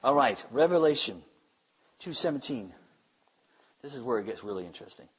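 A man preaching a sermon with emphasis, repeating phrases and swinging between loud declarations and hushed asides. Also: mid-range voice, expressive, brisk, pauses often, husky, lo-fi sound.

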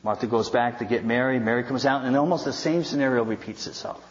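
A man's voice: mid-range voice, fast talker. Man preaching a sermon in a hall. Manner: conversational storytelling with wry asides. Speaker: pastor. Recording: dull sound with long hall reverb.

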